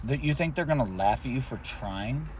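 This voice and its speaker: A man's voice: medium pitch, lively intonation, normal speed, darkish tone, a little hiss or hum. A man on a stream, arguing bluntly and scolding with heavy swearing, talking inside a car. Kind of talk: heated casual argument.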